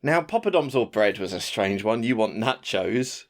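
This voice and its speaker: A man co-hosting a podcast in casual chat, chuckling and quick to laugh. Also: lowish voice, animated. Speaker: podcast co-host.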